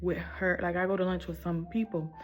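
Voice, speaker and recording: A woman's voice: fairly low pitch, level tone, a little fast, dull audio. A woman telling a casual storytime in a candid, rambling, emphatic way, full of casual slang.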